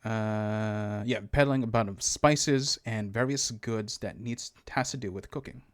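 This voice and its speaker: The dry, studio-quality recording captures a fairly low-pitched man narrating a tabletop game as game master. He sounds relaxed and halting, leaning on lots of fillers.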